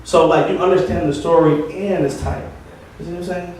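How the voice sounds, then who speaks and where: Stand-up comic, male, higher voice, rambling rants; echoey room, mic at a distance, crowd audible. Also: fairly even intonation, brisk, a little mellow, a little hiss or hum. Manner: rambling, ranting storytelling. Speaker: open mic comedian. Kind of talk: stand-up comedy. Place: open mic venue with audience. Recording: echoey room from far off, audience.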